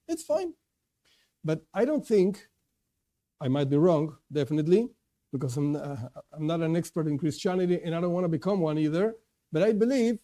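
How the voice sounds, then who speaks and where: High, bright-voiced man teaching a religious class. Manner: conversational, restarts often, asks and answers his own questions. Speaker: Jewish teacher. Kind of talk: informal Torah class.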